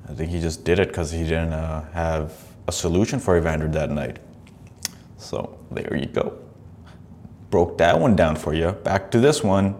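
Low-voiced man, profane, laughing. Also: moderate pace, a little mellow, slight background noise. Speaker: podcast host. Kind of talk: casual commentary on videos.

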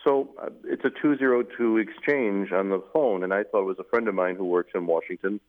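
A man, a newly appointed bishop, recounting his past in an interview in a measured, halting way with many fillers. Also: on the low side. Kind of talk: interview conversation, recounting memories. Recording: phone-like narrow band, radio broadcast.

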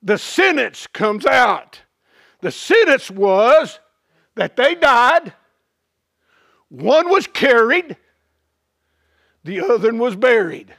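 A man preacher delivering a sermon through dramatic storytelling, drawing phrases out slowly and dropping his voice low. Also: big pitch swings, vocal fry, fairly bright tone, no room sound, studio quality.

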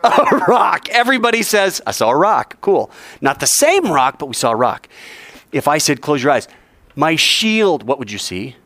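Man, teacher, classroom lecture, animated, bouncy pitch, dry sound. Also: moderate pace, no echo. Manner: animated, questions the class, joking asides.

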